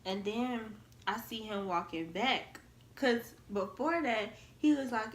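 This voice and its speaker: A young woman tells a storytime tale with a fairly high voice. She jumps into the voices of everyone she quotes. The room around her is echoey and carries a faint hiss. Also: measured pace. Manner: animated, acts out quoted voices. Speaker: vlogger, storytelling half of a couple. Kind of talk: casual storytime chat.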